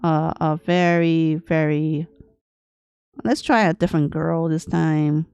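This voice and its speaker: A woman artist thinking aloud as she draws on a livestream, talking in a deliberately aged, grandma-like voice in short, broken phrases. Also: low voice, steady tone, darkish tone, clear, resonant tone, dry recording, lo-fi sound. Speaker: artist streaming her drawing process. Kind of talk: casual livestream commentary while drawing.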